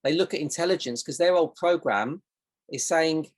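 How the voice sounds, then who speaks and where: A woman's voice: low-pitched, normal speed, husky. Chatty woman coaching a webinar. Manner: loose, rambling, explains with examples. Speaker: self-discovery coach. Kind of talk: casual webinar teaching. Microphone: video call.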